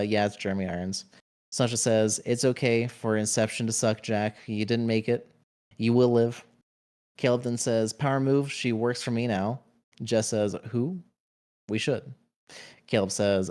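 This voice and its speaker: A man streams a game and reads out his viewers' chat one message after another. His delivery is casual and playful, with quick joking asides between the read-outs. His voice sits in an ordinary middle pitch. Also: darkish tone.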